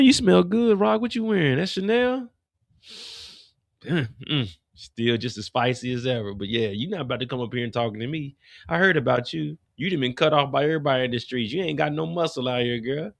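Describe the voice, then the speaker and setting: A man's voice: medium pitch, fairly bright tone, no room sound, studio quality, close to an everyday voice. A man playing a cocky, flirtatious male street hustler who taunts and laughs, recapping a TV show. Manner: swaggering, taunting, laughing at her.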